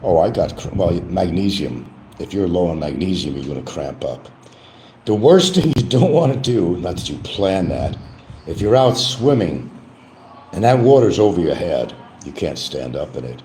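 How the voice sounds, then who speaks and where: Older man with a deep, lively rambling voice. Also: normal speed, slight background noise, poor audio. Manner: rambling, repeats his catchphrase with a mock sing-song lift; frequent restarts and trailing asides. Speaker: livestream host. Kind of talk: casual rambling monologue.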